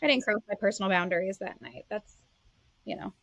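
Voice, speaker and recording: A woman's voice: mid-range voice, animated, fairly quick, gravelly, fairly bright tone, no echo. Chatty woman podcaster, dry close mic. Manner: chatty, self-correcting, laughs mid-sentence. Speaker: podcast co-host. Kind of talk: casual chat.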